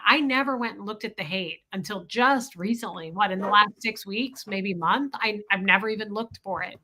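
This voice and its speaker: Bright-voiced woman co-hosting a livestream. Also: mid-range voice, rough recording. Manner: effusive, talks straight to viewers. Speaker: co-host. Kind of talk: livestream chat reading comments.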